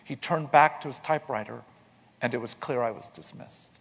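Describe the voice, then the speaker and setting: A man telling a personal story in an earnest way, repeating words as he starts and going quiet in tender moments. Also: mid-range voice, normal speed, creaky, husky, big-room sound. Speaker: speaker telling his life story.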